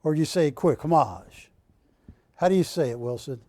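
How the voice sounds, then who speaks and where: A man's voice: on the high side, rapid-fire, warm tone, dry recording. A man hosting a live home shopping show, talking in a rambling, jokey way and often correcting himself. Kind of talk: live sales pitch. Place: TV shopping studio.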